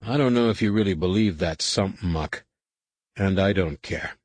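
A man's voice: low-pitched, normal speed, no room sound. A man voicing a confident, wry male starship captain in an audiobook, giving orders with dry humor. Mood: commanding.

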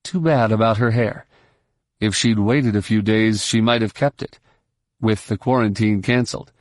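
A man narrating an audiobook in a steady, measured way. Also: on the low side, no room sound, clean studio sound. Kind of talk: scripted narration.

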